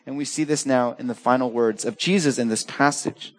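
A middle-aged man preaching a sermon as pastor, animated, swinging between urgent highs and soft low asides. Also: brisk.

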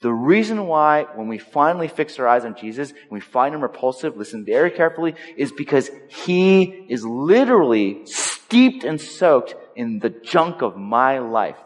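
A pastor preaching a sermon to his church, animated and dramatic, swinging between loud exclamations and slow, quiet lines. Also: mid-range voice. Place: church sanctuary. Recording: long reverb of a large hall.

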